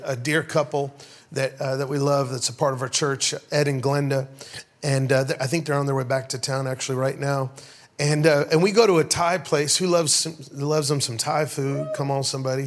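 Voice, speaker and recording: A middle-aged man preaching a sermon to his church, telling funny stories and calling out to the congregation. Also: medium pitch. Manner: storytelling, call-and-response with the congregation. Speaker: pastor. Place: church sanctuary.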